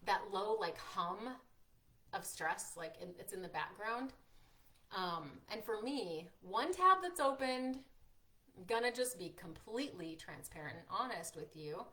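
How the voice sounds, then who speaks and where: A woman hosting a live-streamed workshop, chatty and encouraging, reading out viewers' comments and filling pauses with "like" and "um". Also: medium pitch, expressive, pushed and bright. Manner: encouraging, frequent fillers like "like" and "um". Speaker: workshop host and coach.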